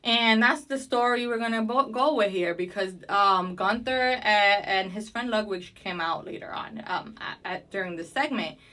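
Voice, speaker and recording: A woman's voice: mid-range voice, moderate pace, few pauses, sharp tone. A woman casually recapping and giving her opinions on a wrestling show, chatty and opinionated. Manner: chatty, opinionated, with fillers and restarts.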